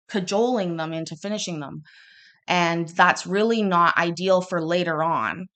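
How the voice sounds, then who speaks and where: A woman in her thirties telling a personal story in a casual, rambling way, restarting often and acting out quoted lines loudly. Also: on the low side. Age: 30s. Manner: chatty and rambling, with many restarts; acts out quoted lines with sudden bursts of loudness. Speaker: podcast host.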